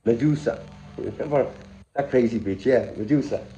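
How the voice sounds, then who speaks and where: A man's voice: medium pitch, normal speed, warm tone, reverberant, faint music behind, poor audio. A middle-aged Irish man telling a funny childhood story in a casual vlog, laughing often as he goes. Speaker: vlogger.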